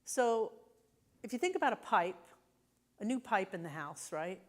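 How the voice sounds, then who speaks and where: A woman's voice: medium pitch, lively intonation, normal speed. Conversational woman minister preaching. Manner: conversational, often asks the congregation "right?". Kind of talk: sermon. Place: church sanctuary.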